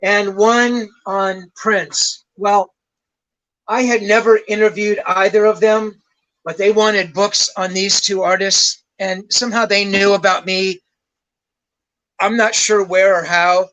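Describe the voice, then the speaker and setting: A man's voice: sits high, pushed and bright, low-quality recording. An older man, a rock journalist and guest, telling rambling anecdotes in a casual way and swearing freely. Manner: rambling, swears freely, laughs at his own stories.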